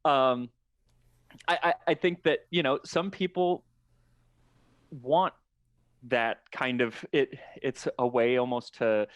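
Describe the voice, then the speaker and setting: A man talking as a podcast guest in casual chat, measured and thoughtful, often restarting his sentences. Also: medium pitch, dry recording.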